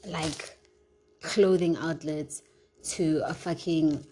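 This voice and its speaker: A woman's voice: sits low, steady tone, normal speed, mellow, slight background noise, low-quality recording. A young South African woman venting in a casual, heated, profane vlog rant, switching between English and isiZulu. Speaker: vlogger.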